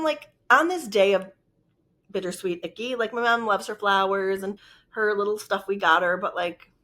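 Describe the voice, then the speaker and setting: A woman's voice: medium pitch, a bit bright. Woman vlogging, rambly storytelling, lots of likes, medium voice. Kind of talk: casual storytelling.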